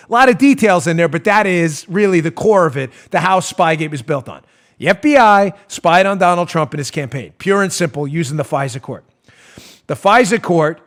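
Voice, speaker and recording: A male talk show host ranting about politics with animated sarcasm, often laughing mid-rant. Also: sits high.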